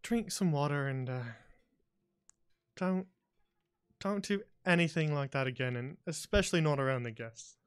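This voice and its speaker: A man's voice: on the high side, normal speed, long pauses, smooth, lightly acted. A man voicing Edward, a stern older head waiter who scolds a young server in a fatherly way. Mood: weary.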